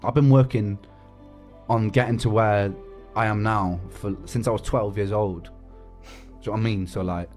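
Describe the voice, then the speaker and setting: A man's voice: lowish voice, steady tone, normal speed, a little mellow, faint music behind. A young man talking casually to fans on a live stream, emotional and close to tears, swearing and repeating himself. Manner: emotional, swears, repeats words, says mate and bro. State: tearful.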